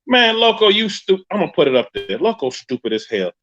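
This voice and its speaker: A man with a New York accent hosts a laid-back live stream chat. His voice sits a bit high for a man, and he talks in an animated, joking way. The audio is muffled and lo-fi, like a live stream. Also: a little fast. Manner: animated storytelling with frequent laughs. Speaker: podcast host.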